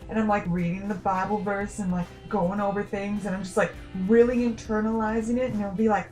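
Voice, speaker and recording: A woman's voice: medium pitch, animated. Young woman vlogger, rambling and self-mocking, light music underneath. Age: young adult. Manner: rambling, self-deprecating, quick asides. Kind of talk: casual talking-to-camera chat.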